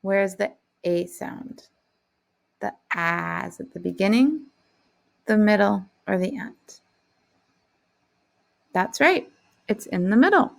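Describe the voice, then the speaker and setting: Woman, teacher, slow and patient, slightly gravelly, phonics lesson for kids. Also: medium pitch, expressive. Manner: slow, patient, encouraging classroom delivery. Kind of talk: phonics lesson for young children.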